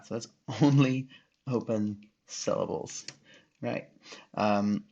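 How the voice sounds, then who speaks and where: A man's voice: lowish voice, measured pace, creaky, long pauses, mellow, breathy edge. A male teacher giving a recorded phonics lesson, patiently sounding out syllables and letters one by one. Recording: dull lo-fi recording.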